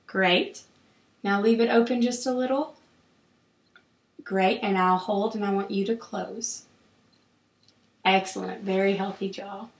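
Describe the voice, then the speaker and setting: A woman clinician calmly guiding a patient through an oral exam, with steady, encouraging instructions. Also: medium pitch. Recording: roomy echo.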